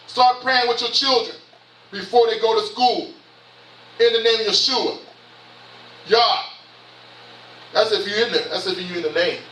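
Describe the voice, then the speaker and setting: Preaching forcefully as bishop, a Southern US man in his fifties fires off impassioned rhetorical questions in a high, bright voice. The sermon takes place in a church sanctuary, captured at a distance in an echoey space.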